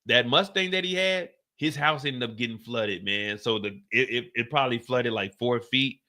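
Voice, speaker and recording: A middle-aged man hosting a stream, telling a story in a casual, animated way with lots of cursing, raising his voice when he acts out what people said. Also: mid-range voice, normal speed. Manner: animated, profane, acts out quotes in a raised voice. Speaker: streamer host.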